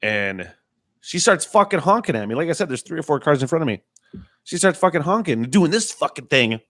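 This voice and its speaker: A man's voice: fairly high pitch, big pitch swings, a little fast, fairly bright tone, no echo. Profane storytelling man, dry mic. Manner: crude jokes, profane storytelling. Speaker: podcast host. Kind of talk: casual chat.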